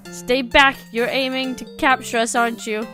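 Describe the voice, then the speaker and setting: A woman's voice: high-pitched, little pitch movement, moderate pace, bright, forceful tone, faint music behind, voice pushed up. A woman reading aloud as a tiny rich moth fairy who talks in formal, old-fashioned phrases. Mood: alarmed.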